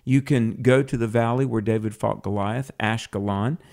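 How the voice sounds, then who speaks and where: A man's voice: lowish voice, fairly even intonation, normal speed, gravelly, darkish tone. A man hosting a live Christian radio talk show from a home studio, upbeat and chatty, with many fillers and restarts. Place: home studio with a cat nearby.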